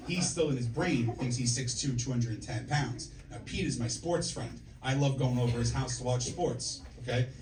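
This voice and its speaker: A man's voice: mid-range voice, normal speed, hardly any pauses. A man in his forties doing a stand-up set, telling brash, profane stories and working the crowd, with frequent "okay?" and "right?" asides. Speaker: stand-up comedian. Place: comedy club stage. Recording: echoey club from a distance, loud room noise.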